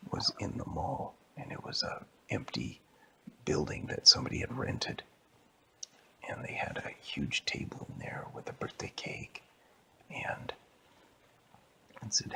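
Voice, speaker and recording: A man telling an improvised bedtime story in a hushed, mostly whispered voice. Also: fairly low pitch, big pitch swings, unhurried, gravelly, long pauses.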